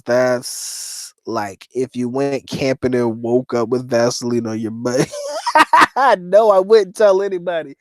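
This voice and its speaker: A man's voice: on the high side, a little mellow, no echo. A man hosting a casual livestream, reading chat comments aloud and joking with heavy profanity and frequent laughter. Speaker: host reading live chat.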